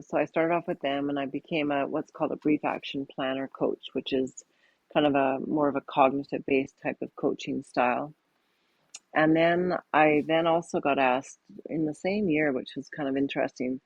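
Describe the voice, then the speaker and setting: A woman's voice: extremely low pitch, no echo, highs cut off. A woman guest, a yoga teacher and coach, talking thoughtfully in an interview, often restarting her sentences. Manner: thoughtful, halting, with frequent restarts. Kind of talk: reflective interview talk.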